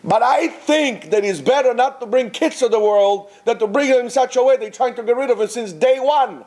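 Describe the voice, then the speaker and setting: A man's voice: extremely high pitch, moderate pace, a little mellow. A man, a rabbi giving an informal, exhortative Torah talk to students, mixing in Hebrew terms. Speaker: rabbi teaching at a yeshiva.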